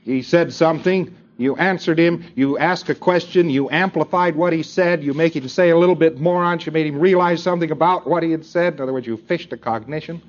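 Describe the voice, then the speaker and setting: A man's voice: fairly high pitch, fairly quick, few pauses. A man giving a lecture to students, rambling with many fillers and acting out little dialogues. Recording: dull lo-fi tape recording.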